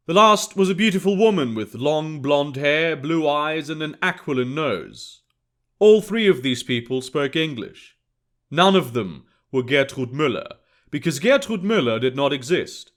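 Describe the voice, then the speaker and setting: A man narrating an alternate-history story in a steady, matter-of-fact reading. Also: fairly high pitch.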